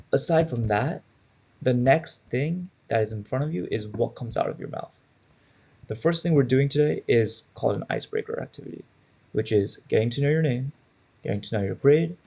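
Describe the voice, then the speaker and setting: A young man in his twenties teaches a public speaking class conversationally, often checking in with "right?". His mid-range voice is creaky and husky with a darkish tone.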